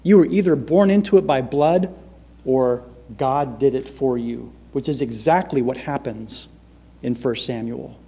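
A male preacher giving a sermon, swinging between loud emphatic lines and hushed, quiet ones. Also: medium pitch, unhurried, gravelly, breathy edge.

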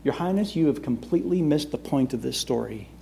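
A male preacher giving a sermon, swinging between loud emphatic lines and hushed, quiet ones. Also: medium pitch, animated, a little fast, gravelly, slight background noise.

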